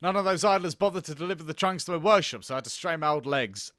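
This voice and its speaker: A man's voice: a little high, expressive, fast, fairly bright tone, no room sound, clean studio sound. A man voicing a proud, stubborn old master locksmith who grumbles about never getting paid, in a video game. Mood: defensive grumbling.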